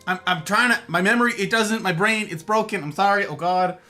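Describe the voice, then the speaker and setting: A man hosting a casual livestream chat, greeting viewers by name with playful, animated asides. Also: high voice, fairly quick, soft background music. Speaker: livestream host.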